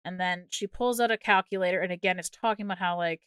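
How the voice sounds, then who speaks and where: A woman co-hosting a movie podcast, recounting a film's plot in casual, exasperated, animated chat with plenty of swearing. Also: on the low side, fast, hardly any pauses, clear, resonant tone, dry recording, clean studio sound. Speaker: podcast co-host.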